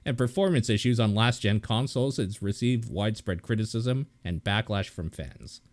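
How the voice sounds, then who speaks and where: Guy with a lowish voice hosting a gaming podcast, reads listener questions, laughs a lot, just chatting. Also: normal speed. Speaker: podcast host. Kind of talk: casual chat.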